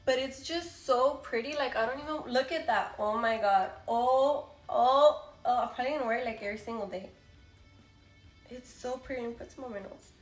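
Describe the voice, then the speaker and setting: A young woman vlogger, a bit sick, gushing excitedly to viewers as she unboxes a gift at home on her camera mic. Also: on the high side, brisk. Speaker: beauty vlogger. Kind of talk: unboxing first impressions. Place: room at home with a window. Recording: echoey room, faint background music.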